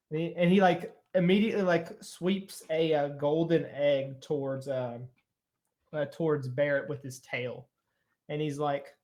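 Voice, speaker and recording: A man's voice: on the high side, flat delivery, moderate pace, a little mellow. A man narrating a tabletop game as game master, rambling with many fillers.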